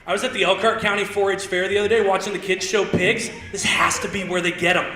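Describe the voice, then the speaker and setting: A young man from Indiana doing a stand-up comedy set on a theater stage, telling rambling stories and punching lines with sudden shouts. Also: high voice, level tone, fast talker, a crowd in the background. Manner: loose, rambling storytelling with stutter-mimicking bits and sudden shouted punchlines. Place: theater stage with live audience. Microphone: handheld stage mic. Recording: roomy theater sound.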